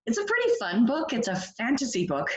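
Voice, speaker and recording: Animated woman teacher reading to kids. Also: a little high, brisk, rough recording. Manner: encouraging, asks children questions, expressive. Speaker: first grade teacher. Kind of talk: read-aloud reading lesson for children.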